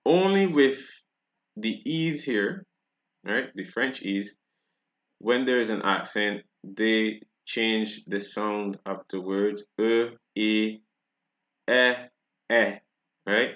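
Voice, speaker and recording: A Barbadian man talks slowly and carefully through a French pronunciation lesson, often stopping to ask "right?". His voice sits low, and the recording sounds dull and lo-fi. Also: fairly bright tone. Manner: unhurried, checks in with "right?" after each point. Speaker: French teacher.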